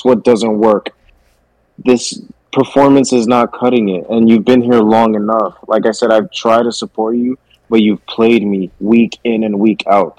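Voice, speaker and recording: A man's voice: medium pitch, vocal fry, darkish tone, no room sound, poor audio. A man guesting on a casual sports podcast who rants heatedly and swears often. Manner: heated, profane ranting.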